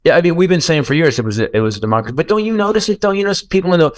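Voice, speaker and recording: A man in a casual political chat, animated and profane, getting loud to make a point. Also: on the high side, racing, dry recording. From United States.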